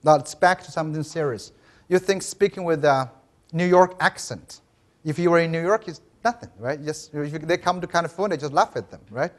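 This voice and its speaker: Fairly quick and high-voiced, a man gives a lively conference keynote as an education professor in a hall. He spins stories energetically, tosses "right?" to listeners, and restarts frequently.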